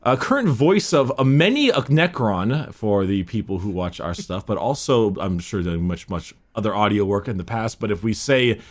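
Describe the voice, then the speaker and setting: Lively host, low voice. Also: male voice, moderate pace, hardly any pauses. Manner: eager, repeats words, casual slang. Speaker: podcast host. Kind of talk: casual interview chat.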